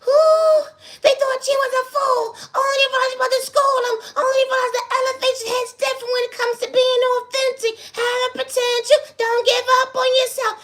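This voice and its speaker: A woman voicing Peace, a loud, giddy woman character who shouts shrill, high-pitched greetings and chants. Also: level tone, brisk. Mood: breathless.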